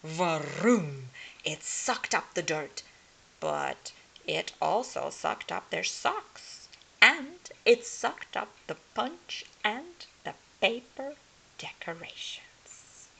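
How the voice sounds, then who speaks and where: A woman reading a humorous picture book aloud as a storyteller, slow and expressive. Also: medium pitch, vocal fry, breathy edge, rough recording.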